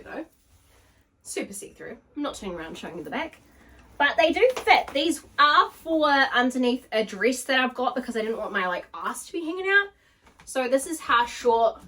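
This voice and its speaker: A woman's voice: fairly high pitch, a bit bright. Bubbly young woman, gushing, distant mic. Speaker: vlogger. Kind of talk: casual try-on haul chat. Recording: voice picked up from across the room.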